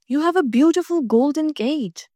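A young princess in a storybook coaxes her pet bird in a soft, fond voice, as a woman puts her on. The voice is high and the sound is dry and close. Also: animated, moderate pace, dry recording. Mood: coaxing. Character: young doting princess, gentle and possessive.

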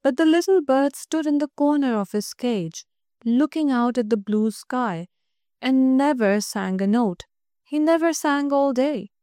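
A woman reading a storybook aloud in a gentle, measured way. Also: sits high, no echo, studio quality.

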